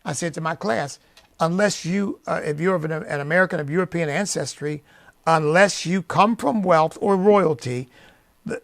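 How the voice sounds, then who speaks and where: A male radio host with a gravelly, fairly high voice delivers an emphatic monologue into a studio mic. He drops to quiet asides, then climbs to loud, preacherly peaks.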